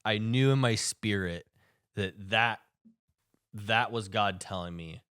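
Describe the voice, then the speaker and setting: A man's voice: lowish voice, takes it slowly, clear, resonant tone, no echo, clean studio sound. A man co-hosting a podcast, telling a personal story in casual chat and acting out the people in it. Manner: animated storyteller, acts out quoted people. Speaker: podcast co-host.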